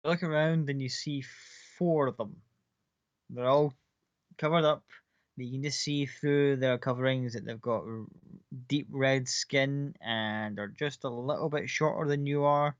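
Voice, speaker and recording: A man's voice: mid-range voice, fairly even intonation, a little slow, dry recording, lo-fi sound. Casual man narrating as game master. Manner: casual, swearing, vivid scene narration.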